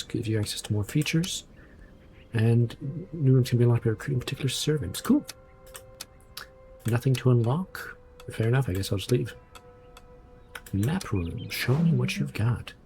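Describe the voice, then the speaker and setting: A man's voice: medium pitch, moderate pace, long pauses, over music. Offhand joking male streamer. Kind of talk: casual gameplay commentary.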